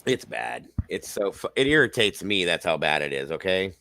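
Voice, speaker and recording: A middle-aged man hosting a casual group chat, talking in a lively way, swearing a lot and laughing often. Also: deep voice, moderate pace, dry recording. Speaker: podcast host.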